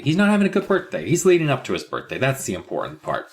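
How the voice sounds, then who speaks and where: A man's voice: mid-range voice, huge pitch swings, quick pace, few pauses. Sarcastic rambling male podcast host. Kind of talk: casual chat, recapping a story.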